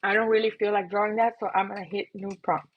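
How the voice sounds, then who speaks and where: A woman's voice: medium pitch, fairly even intonation, fast talker, breathy edge, highs cut off. Bubbly woman livestreamer with a scratchy throat. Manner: bubbly, chatty, self-mocking. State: coughing, itchy throat. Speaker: livestream host and app creator. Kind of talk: casual livestream chat.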